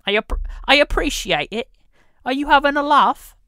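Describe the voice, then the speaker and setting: A man voicing a mocking caricature of a cheeky man, high-pitched and giggly. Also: animated, normal speed, bright, forceful tone, no room sound, studio quality, exaggerated voice.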